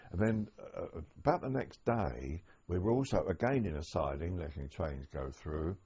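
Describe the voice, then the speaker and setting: An older man recalling wartime memories in an oral history interview, speaking haltingly with many restarts. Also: deep voice, dark tone, husky. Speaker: interviewee, former prisoner of war. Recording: dull lo-fi archive tape.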